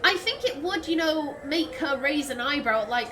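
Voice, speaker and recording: A woman's voice: high voice, expressive, normal speed, hardly any pauses, noisy background. A woman, chatting through a video game as a let's play host, swearing freely and laughing often. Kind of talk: casual gameplay commentary.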